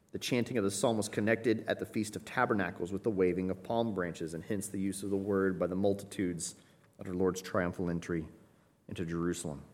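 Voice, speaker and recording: A man's voice: lowish voice, darkish tone. A man preaching an expository sermon in a conversational teaching manner, rising to emphatic cries when he voices the pleas he quotes. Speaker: pastor.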